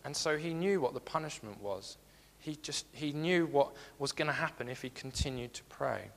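A man's voice: medium pitch, normal speed, creaky, big-room sound. A man giving a sermon, earnest and repeating his key phrases as he reads scripture aloud. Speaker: preacher.

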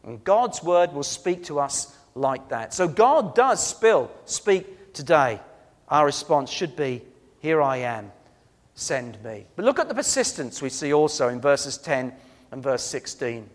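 A man delivers a sermon with a somewhat high voice, telling stories earnestly and leaning hard on key words before dropping soft. His voice rings out with the long reverb of a church hall. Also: very animated, a little slow. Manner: earnest, storytelling, emphatic swings between loud and soft. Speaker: preacher.

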